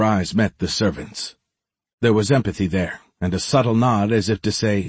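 A man narrating an audiobook in a steady, measured storytelling voice. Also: fairly low pitch, husky, no echo. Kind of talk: scripted narration.

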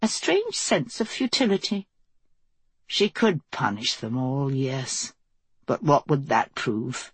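A woman reading a fantasy novel aloud as the narrator, in a steady, measured way. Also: rumbling low, husky, dry recording. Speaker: audiobook narrator.

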